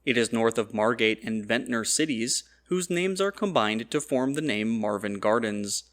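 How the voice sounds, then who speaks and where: A man reading out scripted quiz questions in an even, formal, measured way. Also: mid-range voice.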